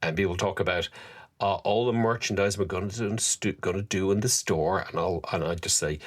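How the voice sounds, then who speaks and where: Deep-voiced Dublin man telling lively stories. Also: a little fast. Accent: Dublin Irish. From Ireland. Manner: lively storyteller, self-deprecating, many fillers and restarts. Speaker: podcast guest. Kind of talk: casual interview chat.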